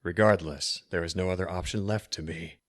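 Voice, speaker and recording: A man voicing a cruel, frail old sorcerer in a storybook reading, speaking raspy, slow and cold with a hissing edge. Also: low voice, fairly even intonation, a bit bright, no room sound. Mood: menacing. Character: cruel menacing old male sorcerer, frail yet powerful.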